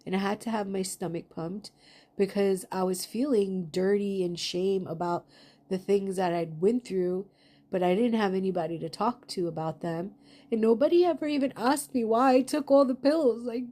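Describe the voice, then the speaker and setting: A woman's voice: medium pitch, normal speed, warm tone. A woman in a confessional vlog monologue, talking in a raw, emotional way, full of anger and swearing. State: angry. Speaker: vlogger.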